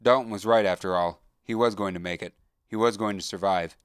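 Low-voiced man narrating a somber story. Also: fairly even intonation, a little fast, clear, resonant tone, no echo. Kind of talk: audiobook narration.

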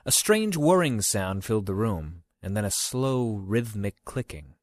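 A man reading an audiobook aloud in a measured, even storytelling manner. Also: fairly low pitch, no room sound. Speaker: narrator. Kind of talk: audiobook narration.

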